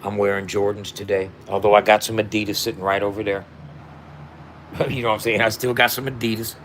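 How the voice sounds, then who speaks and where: A man's voice: fairly low pitch, little pitch movement, fairly quick, a bit bright, a little hiss or hum. A man in his fifties, a rapper and founder, speaking straight to camera in a heartfelt, emphatic monologue full of slang and repeated asides. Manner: emphatic, repetitive, street slang, emotional.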